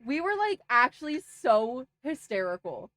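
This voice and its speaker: A young woman streamer telling a funny travel story to her chat, animated and giggly, with lots of laughing and filler words. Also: high-pitched, measured pace, no echo. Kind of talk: casual storytelling to a livestream chat.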